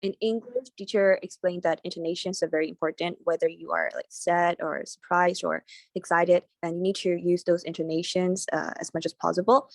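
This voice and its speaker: A woman's voice: fairly low pitch, fairly even intonation, a little fast, no echo, clean studio sound. A woman in a casual study-group discussion, speaking hesitantly with many fillers as she recalls points from memory. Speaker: teacher trainee in a study group.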